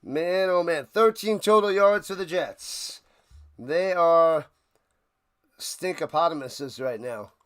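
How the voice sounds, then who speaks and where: A man with a slightly higher voice hosts a live football watch-party stream. He calls the plays in a casual, excitable way and breaks into joking asides between snaps. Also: takes it slowly, smooth. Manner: chatty, jokey, excitable asides. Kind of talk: casual livestream play-by-play.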